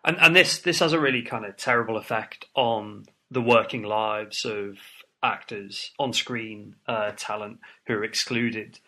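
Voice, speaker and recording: A man's voice: fairly low pitch, measured pace, bright, forceful tone. A man interviewing a guest, thoughtful and hedging with fillers. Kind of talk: conversational interview.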